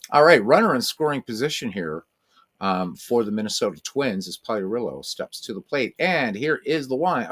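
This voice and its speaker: Brief: a man with a lowish voice, calling tabletop baseball play-by-play, relaxed and casual. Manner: mock announcer calls, talks to his cats in a high, cooing voice. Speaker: host playing a tabletop baseball game.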